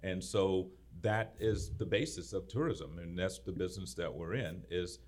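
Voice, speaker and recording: A man's voice: low-pitched, normal speed. A man co-hosting an interview show, chatting casually and telling stories with energy. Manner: animated storyteller, laughs through anecdotes. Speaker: podcast co-host.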